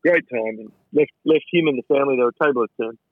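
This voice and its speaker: An Australian man tells anecdotes in a relaxed, rambling way, tripping over his words and doubling them up. His voice is husky and comes through a narrow, tinny, phone-like channel. The sound is dry, with no room around it. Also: mid-range voice, quick pace, no room sound. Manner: chatty, stumbling repetitions of words. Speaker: chef and restaurateur, interview guest. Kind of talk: casual anecdotal storytelling.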